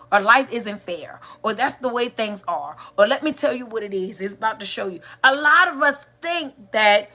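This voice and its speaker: Speaking to a live audience during a live-streamed inspirational talk, a woman who teaches spirituality sounds much like a preacher. Her slightly high voice is bright and forceful. She talks directly to listeners, using repetition, a rhythmic cadence and rhetorical questions to build each point.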